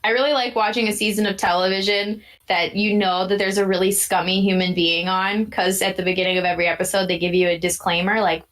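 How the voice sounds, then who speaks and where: A woman co-hosting a casual podcast, talking at a mid-range pitch. She is chatty and laughs often, and she gets loud and animated when she quotes someone. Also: fast, few pauses. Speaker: podcast co-host. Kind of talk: casual chat.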